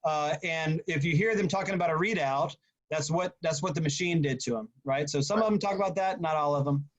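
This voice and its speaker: A man's voice: fairly high pitch, a little fast, muffled recording. An author casually explaining his book before reading aloud at a bookstore event.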